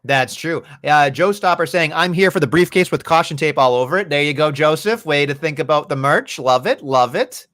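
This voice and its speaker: A man's voice: on the high side, a little fast, few pauses, fairly bright tone. A man co-hosting a podcast, chatting casually about wrestling in a rambling, profane way. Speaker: podcast co-host.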